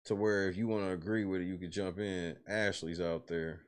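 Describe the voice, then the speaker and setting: A man hosting a casual talk show, reacting to a reality show with animated, profane disbelief. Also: low-pitched, brisk, smooth. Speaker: host.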